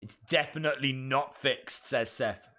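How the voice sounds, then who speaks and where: A man chatting through a live watch-along reaction stream. He is excitable and reads out viewer comments as he goes. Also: mid-range voice, unhurried.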